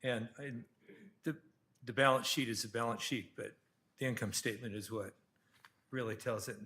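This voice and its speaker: A man on a city council, speaking haltingly with many restarts while questioning a company's financials. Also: medium pitch, fairly even intonation, sharp tone. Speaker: council member. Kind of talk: council deliberation.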